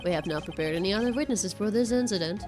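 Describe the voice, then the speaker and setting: A woman's voice: mid-range voice, animated, fast talker, music in the background, pitched below the performer's own voice, close to an everyday voice. A woman voicing a cool, haughty male prosecutor with clipped, formal speech.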